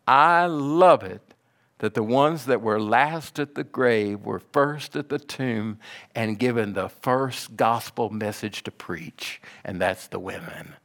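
A man preaching a sermon, retelling the story slowly and dramatically with emphatic swells. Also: on the low side.

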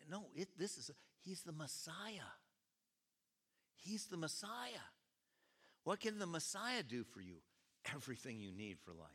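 A male pastor preaching a sermon, telling the story in an animated way and breaking into shouted quotes, in a church with long reverb. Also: a little high, breathy edge. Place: church sanctuary. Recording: long reverb of a large hall.

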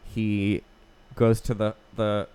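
Low-voiced man recapping a film casually. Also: flat delivery, slow, a little mellow, smooth. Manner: loose, profane retelling of a plot with many restarts. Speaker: podcast co-host.

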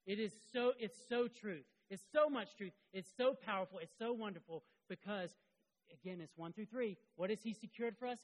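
A middle-aged man giving a sermon as a pastor, earnest, moving between loud emphasis and quiet confession. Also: sits high, moderate pace, low-quality recording.

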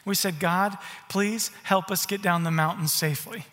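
A middle-aged male pastor delivering a storytelling sermon, his voice pitched high and bright. He acts out the people in his stories. The sound carries a long reverb, as in a large hall. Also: normal speed. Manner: storytelling, animated, mimics voices in quotes.

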